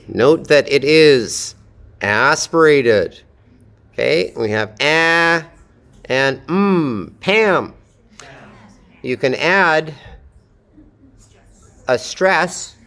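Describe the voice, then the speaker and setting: Guy teaching english sounds to a class, slow and careful, bit high voice. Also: a bit bright. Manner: explains slowly, drawing out sample words. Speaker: phonetics teacher. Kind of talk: classroom lecture.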